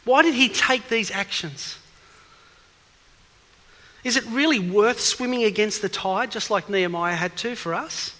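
A man's voice: high-pitched, measured pace, long pauses, pushed and bright. A man preaching an evening sermon who asks questions and presses home his points with emphasis, recorded in a church hall with a long reverb. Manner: questioning, emphatic, rises in force.

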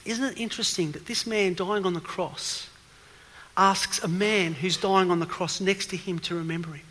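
A man's voice: sits high, steady tone, moderate pace, a bit bright. A man preaching an evening sermon who asks questions and presses home his points with emphasis, recorded in a church hall with a long reverb. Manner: questioning, emphatic, rises in force.

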